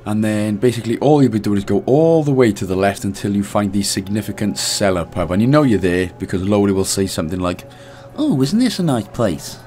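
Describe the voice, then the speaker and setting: Welsh male gaming host, hungover, low and laid-back walkthrough commentary. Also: fast talker, few pauses, faint music behind. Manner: relaxed, chatty, laughs at himself.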